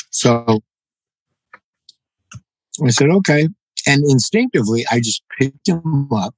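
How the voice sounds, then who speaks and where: Animated male storyteller, lots of "right?". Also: mid-range voice, slow pace, long pauses, no echo, poor audio. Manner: animated, acts out quoted dialogue, frequent "you know" and "right?". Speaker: podcast guest, jiu-jitsu black belt. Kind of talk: casual storytelling interview.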